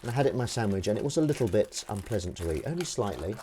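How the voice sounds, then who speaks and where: A man's voice: on the low side, animated, racing, mellow, breathy edge. A man hosting a livestream from his kitchen, chatting casually and jokingly while reading out viewer comments. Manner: rambling, jokey, reading out chat comments. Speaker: livestream host. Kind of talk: casual chat while washing up.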